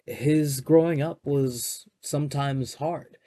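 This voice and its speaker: A man, a children's librarian, reading a picture book aloud to young children in a gentle manner, stopping to explain the pages. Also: a little high, steady tone, takes it slowly.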